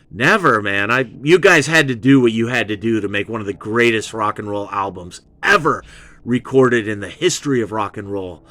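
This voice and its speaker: A man hosting a rambling album review show, excitable and profane, slipping into British slang. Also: fairly low pitch, moderate pace, no echo. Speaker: host of a music commentary show.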